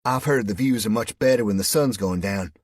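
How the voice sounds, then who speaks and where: A man's voice: fairly low pitch, a little fast, dry recording, clean studio sound, pitched above the performer's own voice, natural voice. A man voicing a flirty, sarcastic woman from West Virginia with a West Virginia accent and a mocking, teasing drawl.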